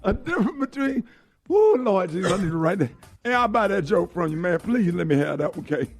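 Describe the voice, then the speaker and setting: A man's voice: high voice, lively intonation, fast, faint music behind. A man hosting a radio morning show, joking with his co-hosts, laughing often and asking teasing follow-up questions. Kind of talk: laughing comedic banter.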